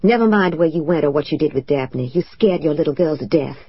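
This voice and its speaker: A woman narrator voicing a stern, proud grown man who speaks bluntly and reproachfully, in a slightly lowered voice. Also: expressive, fast talker, slightly rough, highs cut off.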